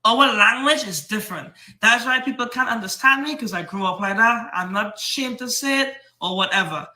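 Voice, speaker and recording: Bright heated Trinidadian man ranting. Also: high-pitched, moderate pace, reverberant. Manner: rambling, repetitive, heated. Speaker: comic book seller and streamer. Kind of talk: defensive livestream rant.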